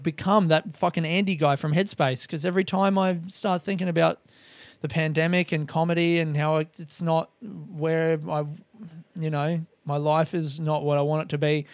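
Recorded dry, this man's fairly high-pitched voice belongs to a comedian hosting a podcast. His monologue is loose and rambling, peppered with swearing and self-mockery.

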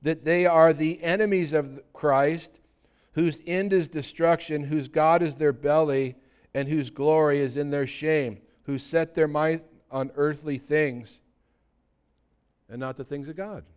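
Male pastor, sermon delivery, slightly high and smooth, dynamic from soft to shouted emphasis. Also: steady tone, measured pace. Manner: swings from quiet teaching to loud, high-pitched emphatic outbursts.

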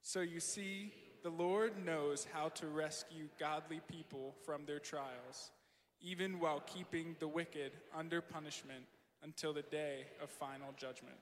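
A man reading a Bible passage aloud in a steady, measured way at a church service. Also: a little high, in a large hall. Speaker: scripture reader.

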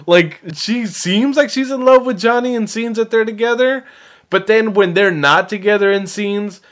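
A man's voice: high voice, normal speed, a bit bright. A man co-hosting a casual podcast chat about a movie, laughing often and swearing freely.

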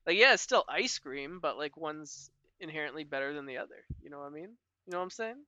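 A chatty man co-hosting a podcast, his voice bright and forward. He leans hard on "like" fillers and laughs easily. The sound is dry and a little dull, as from a modest home mic. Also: a little high, expressive, fast, smooth, no room sound. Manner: chatty, heavy use of "like" fillers, laughs often. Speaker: podcast co-host. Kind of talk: casual chat.

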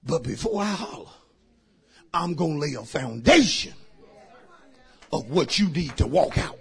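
A pastor preaching a sermon in a church, shouting lines for the congregation to repeat and then dropping into quiet asides. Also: male voice, fairly high pitch, lively intonation, unhurried, creaky, slightly rough. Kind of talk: shouted call-and-response sermon. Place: church sanctuary.

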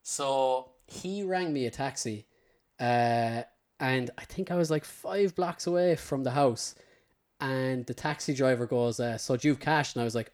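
Swearing man telling a story. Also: measured pace. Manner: animated, swearing, acts out his own past remarks in a low mutter. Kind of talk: casual storytelling chat.

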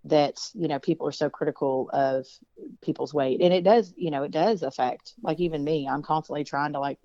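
Candid woman performer, very low pitch, lots of "you know" filler, dull recording. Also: fairly quick, warm tone, dry recording. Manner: chatty, frank, many fillers. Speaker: singer-songwriter guest. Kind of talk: casual interview talk.

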